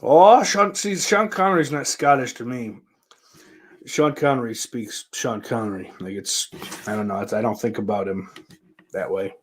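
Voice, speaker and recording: A man hosting a solo podcast, talking in a loose, rambling, heavily profane way with sudden loud bursts. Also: on the low side, normal speed, husky. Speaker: podcast host.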